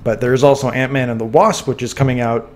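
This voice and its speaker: A man of middle pitch chats on a podcast from his home, close to a sensitive microphone. He talks eagerly and rambles, restarting sentences, with a dry cough now and then. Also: steady tone, brisk, a little hiss or hum. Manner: enthusiastic, rambling with restarts and fillers. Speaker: podcast co-host. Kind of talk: casual chat. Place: home room. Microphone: sensitive studio mic.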